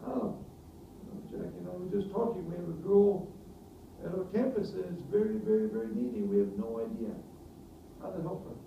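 A man preaching a sermon, earnest, often asking the congregation questions and building to loud emphatic peaks. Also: sits high, expressive, fairly quick, vocal fry, slight background noise. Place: church hall. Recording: distant roomy mic, dull sound, faint ambience.

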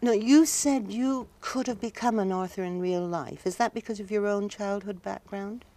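A woman interviewing an actor on television, asking brisk, probing questions. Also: mid-range voice, dark tone. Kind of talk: broadcast interview. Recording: TV studio interview from 1983.

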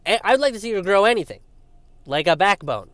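A young man giving a casual political rant, animated and sarcastic, swearing often and mocking his opponents. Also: sits high, brisk, dry recording. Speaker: political commentator. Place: outdoors by a road with passing traffic.

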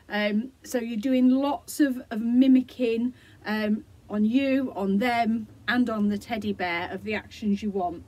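A woman explaining, gently and encouragingly, how parents can use a song for self-care routines, with many fillers. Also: a little high. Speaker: early years support practitioner. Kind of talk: instructional video for parents.

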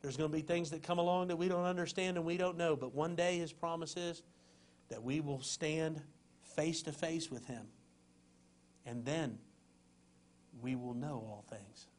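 Impassioned preacher man, fairly high voice. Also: normal speed, slight background noise. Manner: impassioned preaching, swinging between loud urging and hushed tenderness. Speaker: pastor. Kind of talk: sermon.

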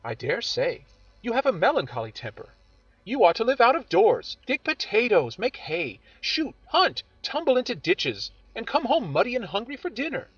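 A man voicing a frank, teasing young woman who questions briskly and speaks in a bright, bossy way. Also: high voice, huge pitch swings, breathy edge, dry recording, voice pushed up, exaggerated voice. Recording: dull audio with faint music.

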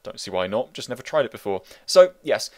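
A man's voice: medium pitch, sing-song, a little fast, no echo. A man voicing a good-natured, fussy male character who rambles apologetically in an audiobook. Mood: chatty.

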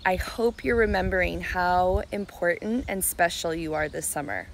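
A woman teaching preschoolers in a lesson video, talking in a slow, encouraging sing-song and stretching out words to clap their syllables. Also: mid-range voice, slight background noise. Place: outdoors on a summer day.

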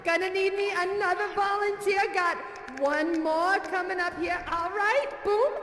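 A gushing, very high showgirl host. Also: steady tone, measured pace, fairly bright tone, a little hiss or hum. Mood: playing along. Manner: gushing, breathless, giggly. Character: bubbly effusive female showgirl dancer host. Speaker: variety show host. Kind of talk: live virtual reality theater performance. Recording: echoey hall with faint music.

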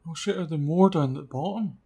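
A man giving casual gameplay commentary, chatty and often dropping to quiet muttering as he sneaks around. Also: fairly high pitch, fast talker, creaky, breathy edge. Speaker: let's play gamer.

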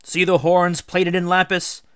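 A man voicing a proud, boastful hero king who declaims loudly in a read-aloud story. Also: sits high, monotone, a little slow, clear, resonant tone, no room sound, clean studio sound, voice pushed up. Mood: proud boasting.

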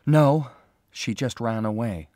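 A man's voice: mid-range voice, takes it slowly, a little mellow, no room sound, clean studio sound, voice pushed up, natural voice. A man voicing a worried young woman who is searching for her missing sister, pleading and emotional. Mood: anxious.

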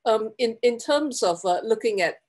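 A woman's voice: fairly high pitch, expressive, moderate pace, darkish tone. Polite woman moderating a panel. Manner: polite, hesitant with fillers and restarts. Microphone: video call.

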